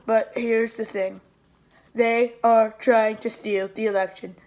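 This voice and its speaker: A woman's voice: a little high, little pitch movement, slow, a little mellow. A woman doing a boastful rambling president. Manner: rambling, repeats insults and nicknames. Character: boastful rambling male president, petty and self-pitying. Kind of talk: comedic impression monologue.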